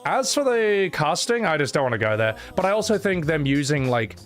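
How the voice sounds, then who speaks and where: A man's voice: fairly high pitch, very animated, fairly quick, soft background music. A man livestreaming, chatting casually and reading donation messages. He rants with profanity and strong opinions. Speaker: streamer.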